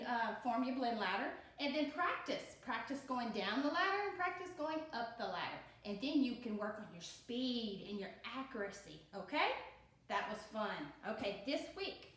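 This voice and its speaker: A woman with a Southern US accent teaching a pre-K lesson, cheerful and encouraging, sounding words out slowly and stretching them for the children. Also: a little high, fairly bright tone, far from the mic. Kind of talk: recorded lesson for young children. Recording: very echoey room.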